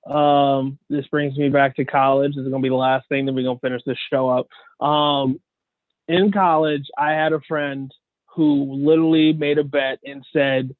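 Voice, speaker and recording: A man's voice: medium pitch, level tone, moderate pace, no room sound. A man co-hosting a podcast, talking earnestly in loose, slangy chat. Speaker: podcast co-host. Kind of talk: casual chat. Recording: dry, phone-like sound.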